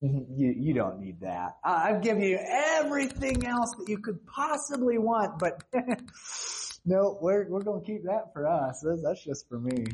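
Woman voicing a low, flippant male God in a mocking aside; dismissive and smug. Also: big pitch swings, measured pace, a little mellow, low-quality recording.

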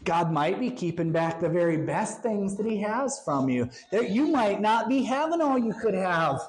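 A woman's voice: mid-range voice, big pitch swings, normal speed, a little mellow, close to an everyday voice. A woman playing a sly, coaxing tempter. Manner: coaxing, insinuating. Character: sly tempting enemy, a smooth-talking deceiver.

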